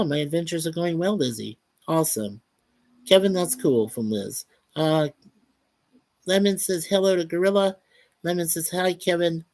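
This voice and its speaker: A man's voice: a little high, darkish tone, dry recording. A man hosting a casual livestream, chatting upbeat and reading out viewers' chat messages. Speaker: livestream host.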